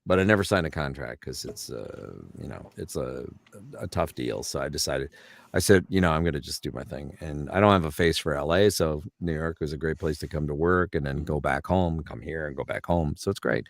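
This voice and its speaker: Deep-voiced Canadian voice actor. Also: male voice, normal speed, vocal fry, no room sound. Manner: rambling, anecdotal, name-dropping with frequent fillers. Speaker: voice actor guest. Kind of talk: casual interview chat.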